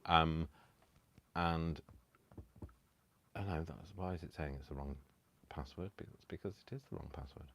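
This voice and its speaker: A man's voice: very deep voice, moderate pace, creaky, long pauses, a bit bright, a little hiss or hum. A man hosting a craft live stream from home, chatting casually with self-mocking, rambling asides. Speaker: craft channel host. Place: home, indoors.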